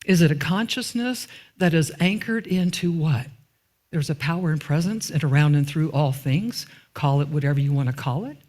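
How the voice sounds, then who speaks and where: With a low, expressive, slightly mellow voice at normal speed, a woman minister gives a conversational sermon in a church sanctuary. She tosses rhetorical questions to the congregation, waits for them to answer, and slips in informal asides.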